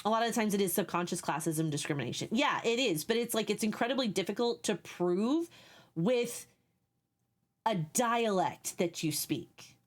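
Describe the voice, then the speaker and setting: A woman's voice: mid-range voice, animated, moderate pace. Chatty woman streamer reading chat. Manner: chatty, explains at length while reading chat. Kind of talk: casual live-stream chat.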